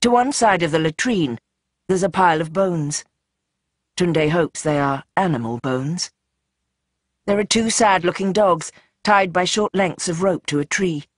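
Audiobook narrator with a tense, dramatic read and shifting pace; mid-pitched, dry close sound. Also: animated, unhurried, dry recording. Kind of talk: scripted narration.

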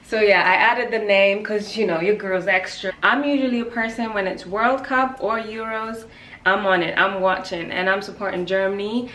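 A woman's voice: mid-range voice, moderate pace, fairly bright tone, reverberant, distant mic, slight background noise. A young woman vlogging a clothing haul, chatty and playful, with slang and jokey asides. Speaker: fashion vlogger. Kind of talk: casual haul vlog.

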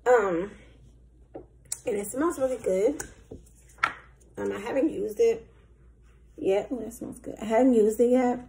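Woman vlogger, casual rambling chat at home, warm tone with a gravelly edge. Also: mid-range voice, a little hiss or hum. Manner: rambling, chatty, many filler ums.

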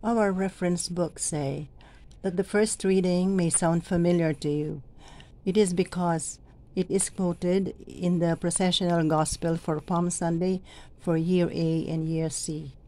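A middle-aged woman training church lectors, explaining how to proclaim the readings in a slow, deliberate way and stretching the words she stresses. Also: fairly low pitch, fairly even intonation, dark tone. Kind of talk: instructional reading guide.

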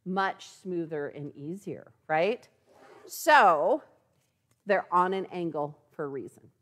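A woman with a voice on the low side talks slowly through a live product demonstration at a sewing store. She stays chatty and animated, habitually tagging lines with "okay?".

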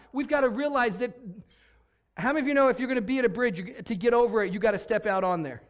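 A man preaching a lively sermon as pastor in a church, acting out voices as he goes. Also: extremely high pitch. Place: church sanctuary.

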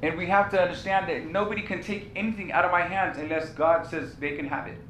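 A man's voice: fairly even intonation, fast, fairly bright tone. A male pastor preaching a sermon, telling a personal story with passion and repeating key phrases. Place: church sanctuary. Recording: echoey church room with faint rumble.

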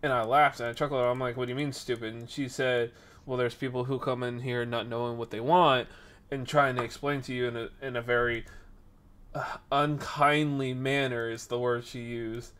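Animated young man telling a story. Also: medium pitch, normal speed, clean tone. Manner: animated, acts out quoted people. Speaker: streamer and podcast host. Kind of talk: casual storytelling chat.

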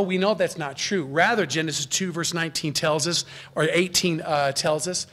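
A man preaching an expository sermon as pastor, earnest, his voice rising in pitch and volume for emphasis and then dropping low and quiet, now and then correcting himself.

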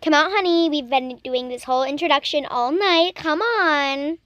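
High-voiced young woman reacting on camera. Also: normal speed, fairly bright tone, no echo. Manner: chatty and teasing, talking back at the screen. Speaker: reaction video host. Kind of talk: casual reaction commentary.

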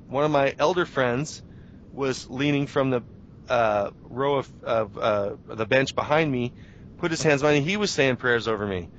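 A man's voice: medium pitch, slight background noise. Man telling a story over dull radio audio. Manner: animated storytelling with restarts and self-talk. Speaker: interview guest, journalist. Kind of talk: casual radio interview.

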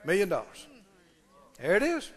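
A man's voice: high voice, wildly swooping pitch, normal speed, fairly bright tone, breathy edge, in a large hall. A man preaching a sermon, emphatic, repeating key phrases and putting questions to the congregation. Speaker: pastor.

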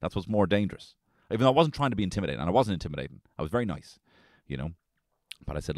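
Deep-voiced comedian telling a story. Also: male voice, racing, no room sound, studio quality. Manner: rambling, animated, peppered with "right?" and swearing. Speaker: podcast host.

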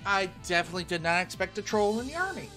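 A man's voice: sits high, big pitch swings, fast, pushed and bright, faint music behind. A man hosting a let's play, giving casual, chatty commentary and talking to his viewers.

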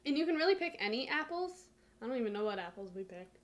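A woman's voice: a little high, sing-song, quick pace. Chatty young woman, recipe host. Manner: chatty, laughs easily, says "like" a lot. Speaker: cooking channel co-host. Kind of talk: recipe narration and casual chat.

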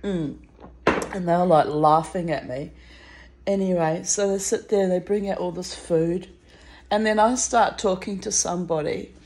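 A woman with a lowish voice tells a long, rambling story to camera. Her delivery is casual and wry, and she slips into laughter partway through sentences. It sounds like an unscripted vlog monologue. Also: unhurried, a little mellow, slight background noise. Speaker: vlogger.

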